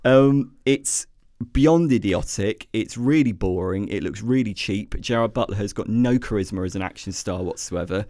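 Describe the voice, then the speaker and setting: A man's voice: lowish voice, normal speed, warm tone, no echo, studio quality. A man co-hosting a podcast, sarcastically tearing into a movie with lots of ums and restarts. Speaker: podcast co-host. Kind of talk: casual film review chat.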